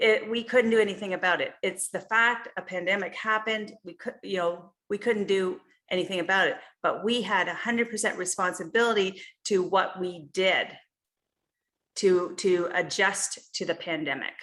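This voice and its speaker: A woman coach leads an online group session over a video call. Her voice sits at an ordinary middle pitch. She explains her points casually and keeps checking in with "you know" and "right?" as she goes. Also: pushed and bright. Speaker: health and life coach.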